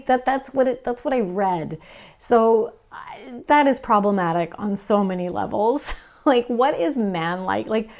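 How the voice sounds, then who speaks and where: Chatty woman with a gravelly edge. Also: medium pitch, a little mellow. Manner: chatty, playful, quick to laugh, self-deprecating. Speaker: painting instructor. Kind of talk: casual painting tutorial.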